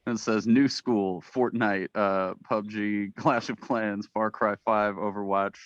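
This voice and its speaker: Low-voiced man reading jokes, lo-fi call. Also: unhurried, no echo. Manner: laughs often while reading, deadpan delivery. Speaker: podcast panelist reading jokes. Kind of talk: casual chat, reading tweets aloud.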